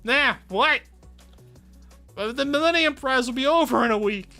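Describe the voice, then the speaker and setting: A man squeaking as a frantic high-pitched schoolgirl. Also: normal speed, faint music behind, full character voice. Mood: panicked. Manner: panicked, loud, high-pitched.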